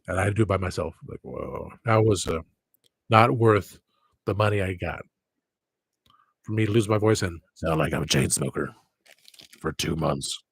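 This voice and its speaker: A man with a low, husky voice talks casually on a livestream. He rambles from one thought to the next and keeps grumbling about other people. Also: no echo, poor audio.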